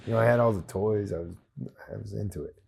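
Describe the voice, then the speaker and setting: A military veteran guest on a podcast, telling a long anecdote in casual, profanity-heavy speech full of restarts. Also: male voice, on the low side, quick pace, creaky, darkish tone, slight background noise. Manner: profane, rambling anecdotal storyteller. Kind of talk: casual storytelling.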